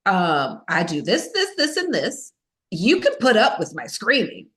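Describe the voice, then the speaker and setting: A woman's voice: medium pitch, wildly swooping pitch, measured pace, fairly bright tone. A woman as a podcast guest, telling a personal story in a candid, self-mocking way, with many fillers.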